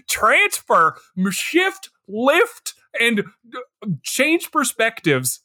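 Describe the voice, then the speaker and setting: Male co-host, incredulous and laughing, bright voice, dry close mic. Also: extremely high pitch, wildly swooping pitch, takes it slowly, no echo. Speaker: podcast co-host. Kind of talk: casual comedic movie recap.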